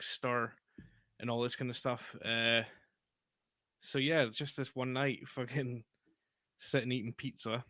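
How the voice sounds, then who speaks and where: A man's voice: mid-range voice, fairly bright tone, no echo. Man, casual podcast chat, sweary, rambling, dry recording. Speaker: podcast co-host.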